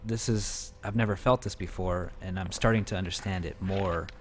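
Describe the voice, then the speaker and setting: A man's voice: low voice, steady tone, normal speed, slight background noise. A man talking casually on a talk show, reflecting on a personal experience and often breaking in with short words of agreement.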